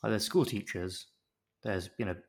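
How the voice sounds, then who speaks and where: Brief: low-pitched male podcast co-host, rambling and jokey, fond of mock-lecture bits. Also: normal speed, creaky. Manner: jokey, rambling, swears, does mock-pompous explaining bits. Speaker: podcast co-host recapping a TV show. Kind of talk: casual chat.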